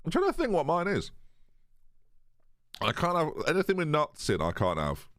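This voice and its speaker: Chatty man, lively swinging pitch. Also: normal speed, dry recording, clean studio sound. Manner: chatty, jokey, reads chat aloud. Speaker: streamer. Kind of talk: casual live-stream chat with viewers.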